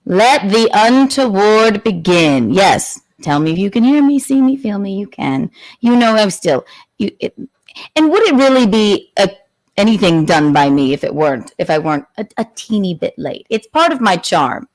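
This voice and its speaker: With a fairly low, slightly mellow voice, the host sounds animated and keeps a moderate pace. She hums nonsense as she adjusts the volume of her studio mic, running her live stream in a casual, playful, theatrical way.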